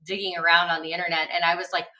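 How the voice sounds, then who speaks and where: Bright upbeat woman, slightly distant. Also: lowish voice, little pitch movement, racing. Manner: upbeat, encouraging. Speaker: co-host. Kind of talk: casual motivational chat.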